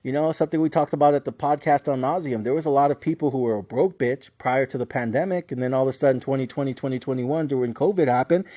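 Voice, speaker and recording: A man's voice: medium pitch, quick pace, hardly any pauses, dark tone, dull audio. A man hosting a podcast, delivering a heated, profane solo rant on the economy. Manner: profane, heated rant with mocking put-on voices. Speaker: podcast host. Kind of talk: solo ranting commentary.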